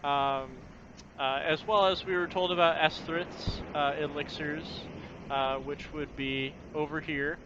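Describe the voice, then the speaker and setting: Male game master, rambling casual narration, middle pitch, lo-fi. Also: a little slow. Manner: rambling, with many fillers and casual swearing. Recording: muffled lo-fi recording with steady background noise.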